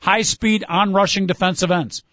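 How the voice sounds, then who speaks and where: High-voiced sports talk host, lo-fi. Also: male voice, fairly even intonation, moderate pace, a bit bright, no room sound.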